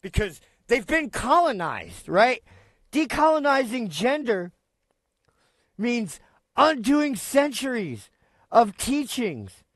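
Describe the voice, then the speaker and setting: A man with a very high voice doing reaction commentary, speaking slowly and deliberately. He is sarcastic and profane, and his voice sounds close and dry. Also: very animated, a bit bright, no room sound.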